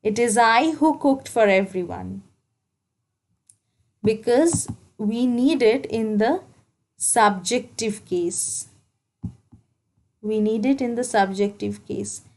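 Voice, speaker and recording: A woman's voice: medium pitch, a little mellow, low-quality recording. A woman teaching grammar for exams, explaining step by step and repeating key points. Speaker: English teacher. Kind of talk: exam-prep grammar lesson.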